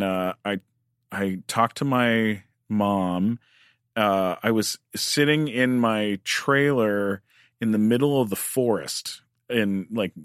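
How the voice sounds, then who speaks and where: A man's voice: lowish voice, no room sound, clean studio sound. A man, a working actor, telling a long personal anecdote in casual chat, rambling with lots of restarts.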